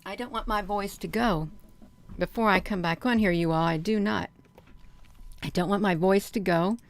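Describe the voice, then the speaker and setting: This livestream host has a medium-pitched voice with vocal fry and talks at normal speed. She speaks to her audience urgently and with emphasis, calling them "you all" and fielding their comments as she goes.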